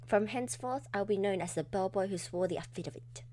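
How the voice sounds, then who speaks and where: A woman's voice: medium pitch, a little fast, darkish tone, a little hiss or hum, natural voice. A woman voicing an eager young male hotel bellboy in a video game.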